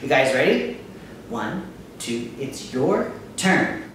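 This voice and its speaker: Woman, kindergarten music teacher, lively sing-song delivery, slow and clear, echoey kitchen, mic far off, faint music. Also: very deep voice, a little hiss or hum. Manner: upbeat and encouraging, chants words to a steady beat. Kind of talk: children's lesson, call and response.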